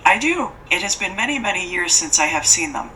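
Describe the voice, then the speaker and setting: A cold, formal lady who means to fatten up a child and eat her, as a woman narrator puts her on, every sentence prim and stiff. The voice is low-set but bright and keen. It sits back from the mic, with a faint hiss underneath. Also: big pitch swings, brisk, far from the mic, low-quality recording.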